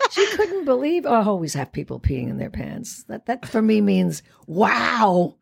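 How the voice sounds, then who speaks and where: A woman's voice: medium pitch, wildly swooping pitch, normal speed, creaky, a little mellow, husky. A woman in her eighties, a guest actress chatting in an interview in a theatrical way, often laughing. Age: 80s. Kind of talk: casual interview chat.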